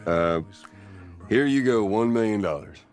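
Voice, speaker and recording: An actor voicing a gruff middle-aged man in a video game, teasing in a dry, laconic drawl. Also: on the low side, animated, unhurried, a little mellow, soft background music. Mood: dry amused. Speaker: game character.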